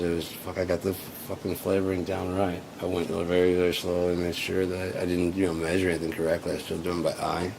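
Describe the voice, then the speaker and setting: A man's voice: low voice, monotone, fast talker, creaky, hardly any pauses, background noise. A man talking in a casual, rambling monologue as a solo podcaster, swearing freely and flaring up indignant as he tells his story. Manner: profane, rambling storyteller who flares up indignant.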